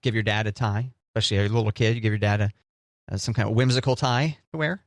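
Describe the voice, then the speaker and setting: A man co-hosting a casual podcast chat, joking around and telling animated little stories. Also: fairly low pitch, quick pace, no room sound, studio quality. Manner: playful, jokey, animated storytelling. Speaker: podcast co-host.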